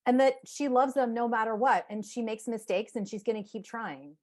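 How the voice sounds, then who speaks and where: A woman psychotherapist talking casually as a podcast guest, animated, acting out inner voices and saying "like" often. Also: a little high, moderate pace. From United States.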